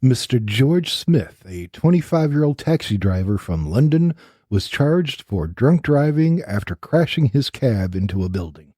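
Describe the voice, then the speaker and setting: A man's voice: medium pitch, very animated, a little slow, dark tone, breathy edge, no room sound. A man co-hosting a casual podcast in a studio, joking around and reading out trivia with playful voices. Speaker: podcast co-host. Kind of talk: casual banter. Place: recording studio.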